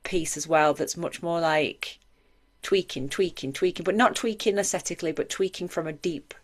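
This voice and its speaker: A woman's voice: lowish voice, moderate pace. A woman in her forties, co-hosting a podcast in earnest, reflective casual chat. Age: 40s. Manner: earnest and reflective, talks in long run-on thoughts. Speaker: podcast co-host.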